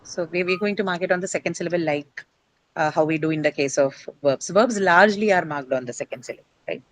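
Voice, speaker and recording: A woman with a lowish voice teaches a class about English word stress, speaking fast and explaining step by step. She often says "uh" and questions her students; the recording is dry with no room sound and poor quality.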